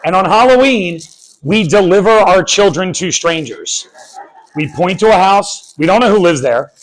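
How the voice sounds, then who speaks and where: Man, thirties, from the US, story slam teller, wry, animated, slightly high voice. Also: moderate pace, low-quality recording. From United States. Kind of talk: live story slam performance. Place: on stage before an audience.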